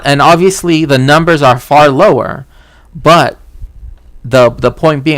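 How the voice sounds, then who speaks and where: A man's voice: fairly high pitch, a bit bright, no echo. A man hosting a stream, telling a story in a rambling, self-interrupting way, often starting over mid-sentence. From Mexico. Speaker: stream host. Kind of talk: casual chat.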